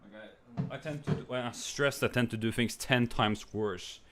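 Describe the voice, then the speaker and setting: A man's voice: moderate pace, background noise. A young man streamer venting in a rambling, frustrated way, swearing and stammering through restarts. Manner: jumps to high, loud mimicking when quoting others.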